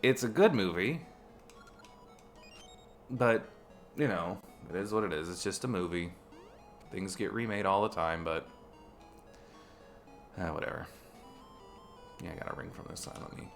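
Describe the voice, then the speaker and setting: Gravelly, low-voiced man streaming a game. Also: unhurried, long pauses. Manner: rambling, chatty, with frequent restarts. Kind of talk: casual chat while playing a game. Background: faint game music.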